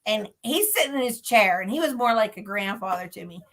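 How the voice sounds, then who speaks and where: A woman's voice: medium pitch, expressive, fairly quick, fairly bright tone. A woman from Pennsylvania, a paranormal investigator, chatting as a guest in a casual interview and laughing often as she tells stories.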